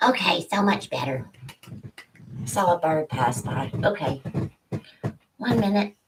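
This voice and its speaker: A woman with a low, deep voice gives a relaxed spiritual tarot reading to camera from her home. She talks in a loose, chatty way and drifts easily into asides. A faint noise sits under the recording. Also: slow. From Louisiana. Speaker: tarot reader and psychic. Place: home room with dogs nearby.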